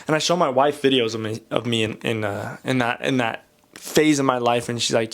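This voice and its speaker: A man's voice: mid-range voice, fairly even intonation, fairly quick, creaky. Man with a stuffy nasal cold. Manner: candid, rambling, self-deprecating. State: sick, slightly nasal. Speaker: art channel host. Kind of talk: casual vlog monologue while drawing.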